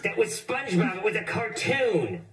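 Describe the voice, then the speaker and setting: A sensible, fed-up schoolboy, pitched high. He keeps correcting his friend. Loud crowd noise runs behind him. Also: huge pitch swings, moderate pace, far from the mic. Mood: exasperated. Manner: correcting, exasperated.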